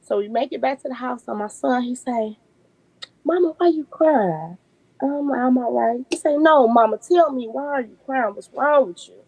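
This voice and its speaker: A woman, a podcast guest telling lively family stories and laughing often. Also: high voice, fairly quick, hardly any pauses, rough recording. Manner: animated storyteller, laughs often. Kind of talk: casual podcast chat.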